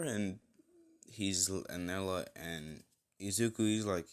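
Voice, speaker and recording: A man's voice: sits low, slow, clean tone. A man casually retelling an improvised fan story, rambling with many fillers and self-corrections.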